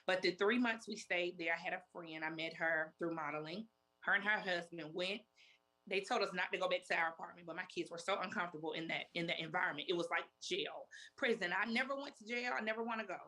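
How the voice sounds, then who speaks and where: A woman's voice: on the low side, quick pace, sharp tone. A woman in her forties telling her personal story as an interview guest, emotional, repeating herself as she quotes past conversations. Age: 40s. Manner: emotional, retells talks in quotes with many repeats.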